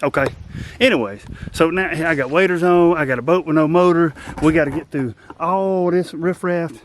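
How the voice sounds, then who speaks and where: A man's voice: on the high side, normal speed, slight background noise. Folksy man vlogging outdoors. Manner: rambling, folksy, self-deprecating. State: out of breath. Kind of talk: casual outdoor vlog chat. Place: outdoors by a swampy creek, in a boat. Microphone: camera set up nearby.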